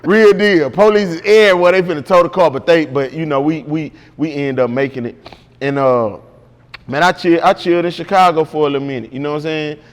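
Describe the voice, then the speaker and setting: A man's voice: on the high side, brisk, big-room sound. A man guest in an interview, telling a story casually and with animation, full of slang and repeated "bro".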